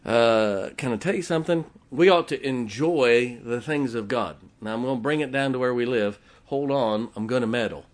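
Middle-aged preacher guy from ohio, mid pitch, tells folksy stories then gets loud and punchy. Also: moderate pace, hardly any pauses. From Canton, Ohio. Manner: swings from loud emphatic preaching to quiet chatty storytelling; folksy, frequent fillers and restarts, chuckles. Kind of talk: storytelling sermon.

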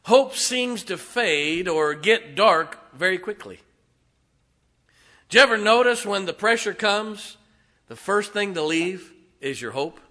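A middle-aged man preaching a sermon, telling folksy stories and swinging from hushed asides to loud, emphatic lines. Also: sits high, expressive, slow pace. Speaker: pastor.

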